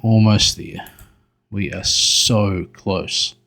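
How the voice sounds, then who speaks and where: Gravelly low-voiced man muttering to himself. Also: fairly even intonation, drawn-out words, a bit bright. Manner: mutters to himself, talks to the game. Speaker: gaming video creator. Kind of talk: solo gameplay commentary.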